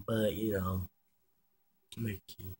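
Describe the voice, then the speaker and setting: A man's voice: low-pitched, level tone, takes it slowly, a little mellow, breathy edge. A young man casually telling a personal story, chatty and slangy with lots of swearing. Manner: chatty and slangy, swears freely, many fillers.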